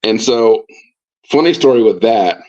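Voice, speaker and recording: Man, low voice, football coach, casual storytelling, rambling, lots of fillers, dull lo-fi stream sound. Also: animated, unhurried, darkish tone. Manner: rambling with many fillers and restarts. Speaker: football coach, podcast guest. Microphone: live stream mic.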